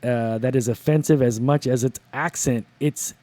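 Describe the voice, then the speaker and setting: A man's voice: mid-range voice, fairly even intonation, moderate pace, mellow, no room sound. A man co-hosting a casual podcast, rambling and crude, joking and restarting his sentences. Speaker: podcast co-host.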